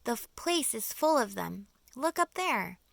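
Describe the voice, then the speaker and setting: A woman voicing a calm, determined young boy in an audiobook, explaining earnestly and steadily. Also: fairly high pitch, a little slow, vocal fry, dry recording, voice pushed up, full character voice. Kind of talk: audiobook character voice.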